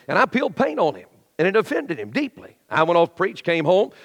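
A middle-aged male pastor preaching a lively sermon in a church, acting out the voices of complainers and shifting to quiet storytelling. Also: high-pitched, a little fast, vocal fry. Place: church sanctuary. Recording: long hall reverb.

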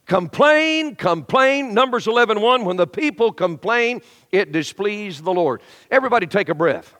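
A middle-aged man preaches from the pulpit in a high, ringing voice, swinging from animated exhortation to hushed, intimate storytelling. He mimics grumbling churchgoers as he goes. His words trail off into the long reverb of a large sanctuary. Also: moderate pace. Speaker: pastor. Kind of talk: sermon.

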